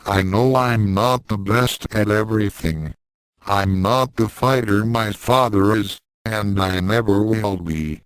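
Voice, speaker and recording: A man's voice: lowish voice, slow pace, smooth, dry recording, rough recording. A man reading fan fiction aloud and voicing a hot-tempered young fighter with a defensive, frustrated manner. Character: young martial artist boy, guilty and hot-tempered.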